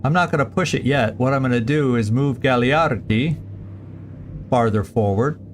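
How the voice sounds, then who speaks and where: A man's voice: medium pitch, normal speed, a little hiss or hum. A man streaming a strategy game, thinking aloud through each move with plenty of fillers and restarts. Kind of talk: casual let's-play commentary.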